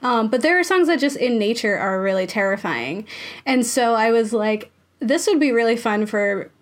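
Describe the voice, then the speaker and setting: A woman's voice: on the high side, animated, normal speed. A woman hosting a podcast in a chatty, casual manner, laughing often and using many fillers. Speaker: podcast host. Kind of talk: casual chat.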